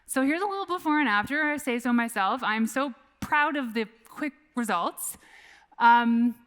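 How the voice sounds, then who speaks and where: A woman's voice: on the high side, animated, moderate pace, a bit bright, clear, resonant tone. A woman in her forties giving a keynote talk on a conference stage, telling a personal story in a candid, casual way and swearing freely. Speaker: keynote speaker.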